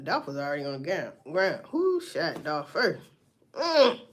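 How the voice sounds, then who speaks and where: A woman's voice: deep voice, wildly swooping pitch, measured pace. A woman doing casual livestream commentary, blunt and profane as she talks through a story. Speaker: livestream host.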